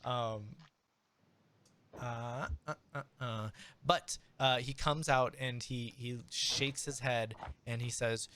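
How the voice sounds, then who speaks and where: A man's voice: mid-range voice, steady tone, sharp tone. Man game master, faint background noise. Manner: halting, many fillers and restarts. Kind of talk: narrating a tabletop game.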